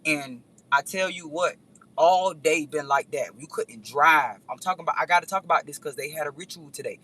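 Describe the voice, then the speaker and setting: Husky, animated woman telling a story. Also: deep voice, normal speed, rough recording. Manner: animated, rambling, addresses viewers directly. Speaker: vlogger. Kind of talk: casual storytelling to viewers.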